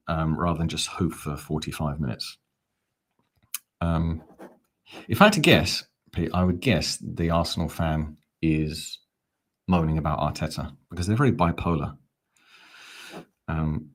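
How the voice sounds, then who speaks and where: A man hosting a live football watch-along stream, chatting casually and reading out viewer comments with dry asides. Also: sits low.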